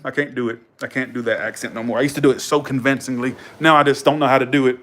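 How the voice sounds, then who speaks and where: A man's voice: mid-range voice, fairly even intonation, quick pace, hardly any pauses, a bit bright. Rambling man chatting on a livestream. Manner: rambling, slangy, laughs often. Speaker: livestream host. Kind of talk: casual livestream chat.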